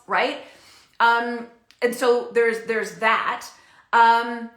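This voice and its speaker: Bright-voiced woman coach in echoey room. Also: on the high side, extremely slow. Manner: chatty, animated, laughs often, many fillers. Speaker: parenting coach. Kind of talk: casual advice talk to camera.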